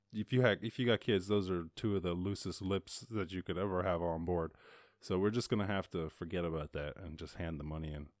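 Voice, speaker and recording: A man's voice: deep voice, no room sound, studio quality. A man hosting a podcast, reading news headlines and riffing on them in a rambling, joking way, swearing now and then. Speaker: podcast host. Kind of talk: casual news commentary.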